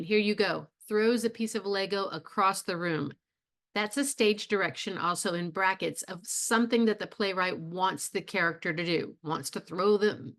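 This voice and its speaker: Lady prof talking thru a theatre lesson, relaxed, lots of um and right?. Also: medium pitch. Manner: conversational, with fillers and rhetorical questions. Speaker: college theatre professor. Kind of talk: recorded video lecture.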